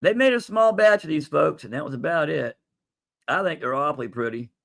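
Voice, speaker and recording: With a brisk, expressive delivery and a creaky voice on the high side, a man runs a casual live sale of coins and jewelry. He keeps it chatty and folksy, referring to viewers as "folks."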